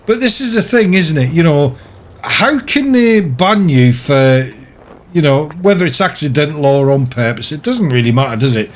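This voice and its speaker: A man's voice: a little high, animated, moderate pace. Chatty, ranting man gaming. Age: older. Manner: chatty, ranting, laughs often. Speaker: gaming YouTuber. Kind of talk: casual commentary over gameplay.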